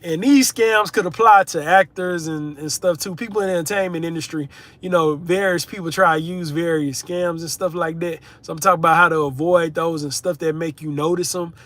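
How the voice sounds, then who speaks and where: Young male streamer with a slightly high voice, relaxed and chatty while reading out comments. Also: brisk. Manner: laid-back, chatty, reads viewer comments aloud. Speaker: livestream host, content creator. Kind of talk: casual livestream chat reading comments.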